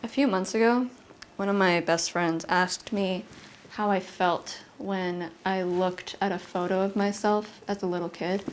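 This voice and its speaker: A young adult woman performing a confessional comedy monologue, intense and halting, with an emotional delivery. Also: medium pitch, steady tone, slight background noise. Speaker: solo comedian. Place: apartment.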